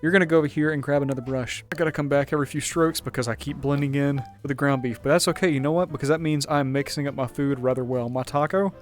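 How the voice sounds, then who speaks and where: A man doing a hushed, soothing painting teacher. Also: a little high, fairly even intonation, faint music behind, close to an everyday voice. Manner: gentle, slow, hushed and pleasant. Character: soft-spoken, soothing adult male painting instructor.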